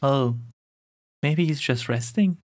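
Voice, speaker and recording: A man at a tabletop game, hesitant and wondering as he puzzles over things. His voice is husky. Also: mid-range voice, takes it slowly. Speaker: player.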